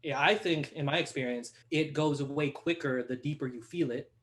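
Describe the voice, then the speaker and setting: A young man chatting as a podcast guest, animated and laughing, acting out quotes as he tells stories. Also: a little high, moderate pace. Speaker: podcast guest, hip hop artist. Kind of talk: casual conversation.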